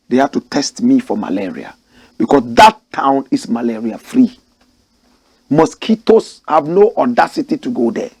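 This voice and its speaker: Speaking directly to his audience, a Ghanaian commentator and host delivers passionate storytelling commentary laced with strong opinions. The dry recording captures a mid-range voice that is gravelly, husky, and darkish.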